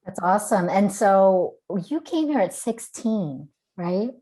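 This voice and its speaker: A woman's voice: medium pitch, big pitch swings, slow, warm tone. A woman hosting and interviewing a guest over a video call, asking friendly questions and laughing often. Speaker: event host and interviewer. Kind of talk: casual interview.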